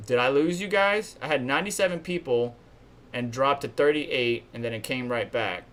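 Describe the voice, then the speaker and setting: A man's voice: mid-range voice, normal speed, fairly bright tone. A man hosting a live stream, giving casual news commentary in a chatty, blunt way and complaining openly.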